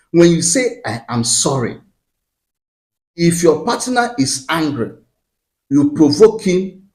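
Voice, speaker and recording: A man's voice: on the high side, a little mellow. A man hosting his own channel, giving preachy marriage advice with repeated phrases and rhetorical questions. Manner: Christian framing of marriage. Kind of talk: preachy advice talk to camera.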